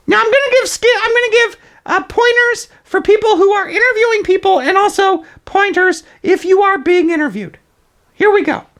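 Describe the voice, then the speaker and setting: A man's voice: extremely high pitch, fairly bright tone, exaggerated voice. A man voicing a zany toilet paper roll puppet who gives over-the-top, mock-authoritative advice in an improvised comedy presentation.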